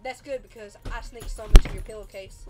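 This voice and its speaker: A woman's voice: a little high, steady tone, brisk, over loud music, lightly acted. A woman voicing a pushy young female patient who is obsessed with sugar. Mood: insistent.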